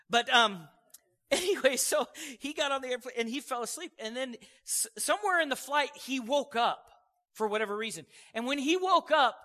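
A male pastor preaching a sermon, telling stories with energy and calling out "amen" to his congregation. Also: very high voice. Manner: storytelling, animated, calls "amen" to congregation. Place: church sanctuary.

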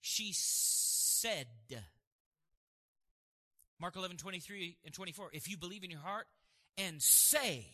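A man's voice: high voice, a little slow, pauses often, bright, forceful tone. A man preaching a sermon as pastor, asking the congregation questions and answering them himself. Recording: hall reverb.

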